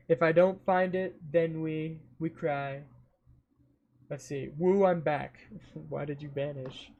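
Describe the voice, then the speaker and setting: A man talks on a casual livestream, rambling and thinking aloud and often trailing off mid-sentence. His voice sits a little high for a man, and he takes his time, with slow, unhurried pacing and bits of humming between thoughts. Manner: hums and scats between thoughts.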